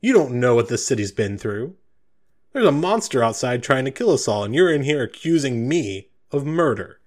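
A man's voice: mid-range voice, big pitch swings, normal speed. A man voicing a bitter former town guard ranting indignantly at outsiders. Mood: defensive. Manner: indignant, accusing rant. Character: bitter older male ex-guard, hostile to outsiders.

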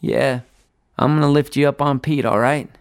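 A man's voice: mid-range voice, steady tone, moderate pace, creaky, smooth, pitched above the performer's own voice, lightly acted. A man voicing a young frightened boy, urgent and pleading, in a spoken-word story.

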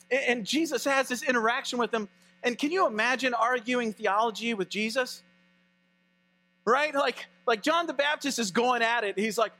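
A male pastor preaching a sermon in an animated, conversational way. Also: very high-pitched, moderate pace.

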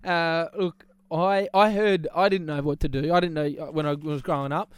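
A man's voice: on the high side, fairly even intonation, normal speed, clear, resonant tone, no echo. A young man co-hosting a casual podcast, telling a rambling story with many restarts and laughs. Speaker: podcast co-host. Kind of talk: casual chat.

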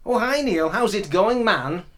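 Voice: medium pitch, expressive, a little slow, fairly bright tone. Someone doing a chummy, friendly older pop star. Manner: chummy, placating, uses "man" and first names. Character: impression of a friendly older male pop musician. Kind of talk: comedy sketch impression.

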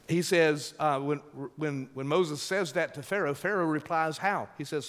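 A male pastor preaching a sermon with emphatic, drawn-out delivery, calling for responses from the congregation. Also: a little high, fairly bright tone. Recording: long hall reverb.

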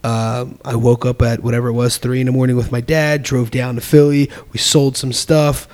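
A middle-aged man telling a personal story in casual conversation, animated and laughing as he acts out quoted voices. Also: medium pitch, normal speed.

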